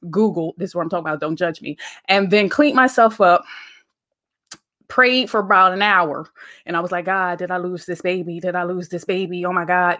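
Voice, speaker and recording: Low-voiced woman podcaster preaching casually. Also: a bit bright. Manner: conversational, preachy, uses slang and dialect grammar. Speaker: podcast host. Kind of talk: casual faith-based podcast monologue.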